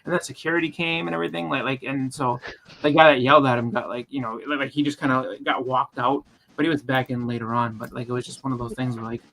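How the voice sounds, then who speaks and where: A man co-hosting a casual convention chat, telling animated stories and acting out the quotes. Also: medium pitch, fast talker, gravelly, a little hiss or hum. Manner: animated storyteller, acts out quotes. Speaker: podcast co-host. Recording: live convention panel, roomy mic.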